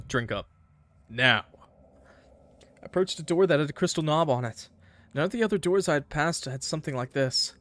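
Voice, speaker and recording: A man's voice: on the high side, a bit bright, dry recording. A man streaming a game, reading its text aloud in first person and breaking off for joking asides to his chat. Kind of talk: reading a game's text aloud with live commentary.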